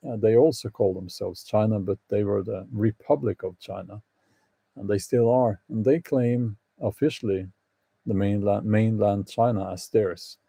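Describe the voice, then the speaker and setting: Gravelly and warm, the man's somewhat low voice holds a steady tone at a normal speed in a dry recording. He's a channel host casually chatting with viewers live, hesitant and filler-heavy, offering wry opinions and laughing a lot.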